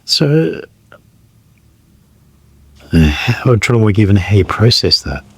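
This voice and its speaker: A man hosting a podcast who asks soft, tentative questions and gives brief prompts. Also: on the low side, sing-song, slow pace, slightly rough, no echo. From Australia. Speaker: podcast host.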